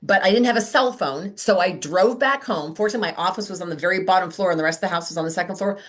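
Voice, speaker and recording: A woman's voice: on the low side, very fast. Chatty woman leading a sales call. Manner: chatty, animated, acts out quoted voices. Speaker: sales director hosting a team call. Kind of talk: motivational team call.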